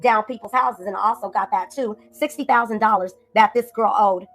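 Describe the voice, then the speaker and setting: A woman's voice: medium pitch, a bit bright. A woman hosting a commentary stream, ranting angrily and with heavy profanity about another person. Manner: angry, profane, rapid ranting. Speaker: commentary channel host. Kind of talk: heated livestream commentary. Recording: light background music.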